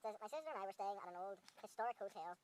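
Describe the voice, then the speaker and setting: A woman's voice: mid-range voice, animated, racing, a little mellow, slight background noise, low-quality recording. A woman chatting and telling ghost stories outdoors at night, laughing and swearing.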